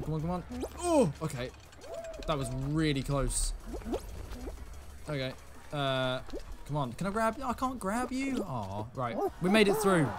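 A young man giving live gameplay commentary, excitable, swinging from muttered asides to yelling at the game. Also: fairly high pitch. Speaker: gaming video creator.

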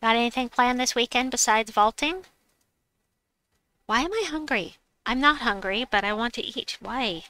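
A woman's voice: fairly high pitch, expressive, normal speed, bright, forceful tone, dry recording. A woman hosting a casual gaming livestream, chatty and playful, reading chat aloud and making silly noises. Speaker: livestream host.

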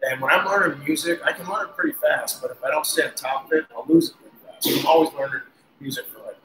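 A man guest on an interview, telling casual, animated stories with laughs and cursing. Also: a little high, fast talker. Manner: animated, laughing, swears freely. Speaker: guest musician. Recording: roomy echo, faint noise.

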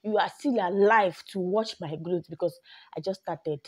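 A woman's voice: on the low side, moderate pace, a little mellow, husky. A young Nigerian woman vlogging to camera, mixing English with Pidgin and often saying "you know". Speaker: YouTuber. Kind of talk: ranting vlog to camera.

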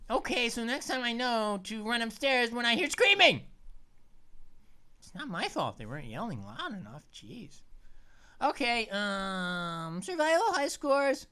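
A woman talks through a spooky game in a casual, chatty way, reacting loudly whenever something startles her. Her voice sits a little high and swings widely in pitch, rising sharply when she gets excited. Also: measured pace. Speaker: let's play host. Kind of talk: casual gameplay commentary.

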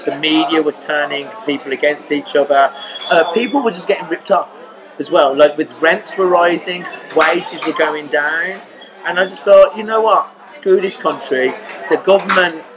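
A man's voice: fairly high pitch, moderate pace, poor audio. Joking Birmingham man over crowd noise. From Birmingham, England. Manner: animated, joking storyteller with crude humour. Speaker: guest comedian. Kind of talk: casual podcast chat.

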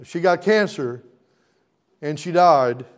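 A middle-aged male pastor preaches a sermon in a church sanctuary. His voice sits a bit high for a man, and he builds intensity through repeated, emphatic phrases. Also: animated, slow pace. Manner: preaching with rising, emphatic repetition.

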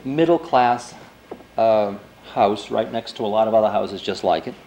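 A man's voice: fairly low pitch, moderate pace, a little mellow, highs cut off, a little hiss or hum. A man in his forties, a spiritual teacher giving a lecture, telling a story in a loose, conversational way full of "you know" and "I mean". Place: lecture before an audience.

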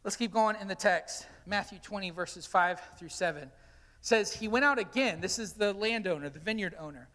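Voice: medium pitch, moderate pace, a bit bright, long reverb tail. A pastor preaching a sermon, telling stories and animatedly acting out the quotes. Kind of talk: sermon with storytelling. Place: church sanctuary.

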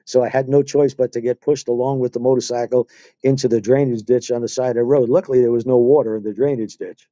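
An older man with a very dark, mellow voice tells stories as a guest on a live stream, unhurried and easy. The sound is dry and a little dull, like lo-fi stream audio. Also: mid-range voice, no room sound. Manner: relaxed storyteller, acts out voices in his anecdotes. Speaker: guest, retired motor officer and riding instructor. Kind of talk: live stream interview, storytelling.

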